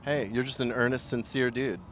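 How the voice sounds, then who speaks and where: A man hosting a casual interview, enthusiastic and agreeable with quick jokes. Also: mid-range voice, flat delivery, fairly bright tone, a little hiss or hum.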